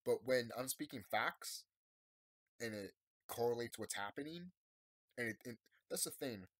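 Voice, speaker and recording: A man's voice: mid-range voice, animated, measured pace, a bit bright, no room sound. A man in his thirties talking casually and emphatically to his subscribers, rambling and repeating himself. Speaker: YouTuber. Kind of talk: casual unscripted monologue to subscribers.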